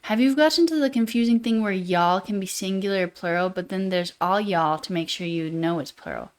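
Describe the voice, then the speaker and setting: A woman with a Utah accent hosts a livestream, chatting casually and fairly monotonously while reading chat comments aloud. Her voice is medium in pitch and fairly quick.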